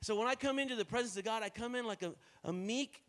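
An American man preaching a sermon as pastor, moving between quiet, low passages and loud, rising calls to the congregation, with playful joking asides. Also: quick pace.

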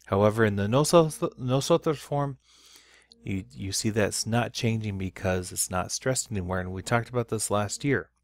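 A man's voice: lowish voice, moderate pace. A middle-aged man teaching a recorded online Spanish lesson, explaining patiently with repeats and restarts and stressing key sounds.

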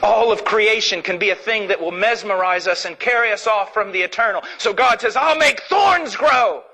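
A middle-aged man from Illinois preaching a sermon, swinging from fervent shouting to low, intense speech. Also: steady tone, fairly quick, poor audio. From Illinois, United States.

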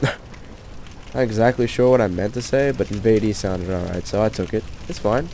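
Low-voiced man grumbling through a game. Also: normal speed, mellow, a little hiss or hum. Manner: exasperated, trash-talks enemies, keeps voice down. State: sick. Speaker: let's play commentator. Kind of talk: gameplay commentary.

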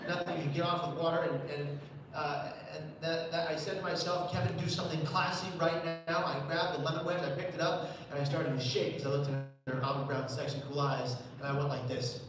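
A man's voice: on the high side, level tone, fairly quick. A man in his thirties giving a live keynote, telling a comic story and acting out the voices he quotes. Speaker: public speaker. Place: large hall. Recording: distant echoey hall recording.

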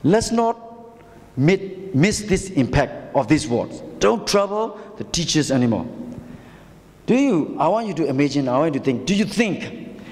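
A pastor with a Burmese accent delivers an impassioned sermon packed with rhetorical questions and calls to the congregation, his voice echoing in a church hall. He sounds a little high and a little mellow, sing-song, at a moderate pace.

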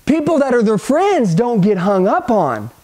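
A middle-aged man giving an energetic sales training talk, punchy and hyped, speaking straight to the listener and acting out phone calls. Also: extremely high pitch, moderate pace.

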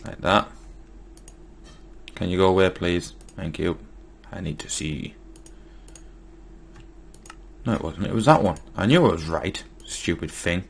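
Deep gravelly man muttering through gameplay. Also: normal speed. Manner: muttering to himself, mildly exasperated. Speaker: gaming YouTuber. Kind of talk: casual Let's Play commentary.

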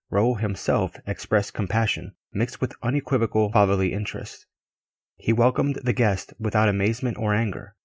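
Low-voiced man narrating an audiobook. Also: husky, dry recording. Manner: steady, earnest, measured reading. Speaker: audiobook reader.

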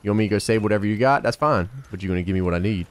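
A man giving casual, slangy gameplay commentary as a let's play host, excitable and bantering with game characters. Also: fairly low pitch, very fast.

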